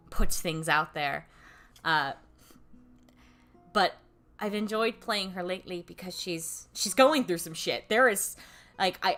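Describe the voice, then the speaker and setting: A woman's voice: mid-range voice, a bit bright. A young woman chatting casually on a livestream, rambling and self-deprecating, with casual swearing and frequent laughs. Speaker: streamer and voice actor.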